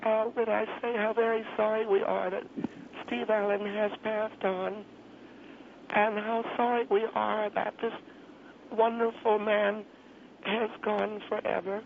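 A man's voice: high-pitched, level tone, measured pace, pitched above the performer's own voice. A man voicing an elderly woman caller, fussy and indignant, who pleads, repeats herself and sounds exasperated. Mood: pleading. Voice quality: creaky, gravelly. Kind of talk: radio prank call. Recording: tinny phone line with faint hiss.

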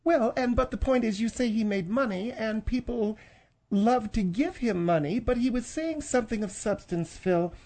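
A man puts on a bossy female co-host with a sharp, nagging tongue. She snaps back at every remark in a comedic radio talk-show bit. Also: high-pitched, normal speed, pitched above the performer's own voice. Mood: scolding. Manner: snippy and scolding.

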